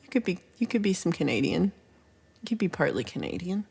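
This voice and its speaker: Woman, livestream host, chatty and rambling, whispered asides, lowish voice. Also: very animated, fairly quick, vocal fry, a little mellow, breathy edge. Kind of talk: casual livestream chat reading viewer comments.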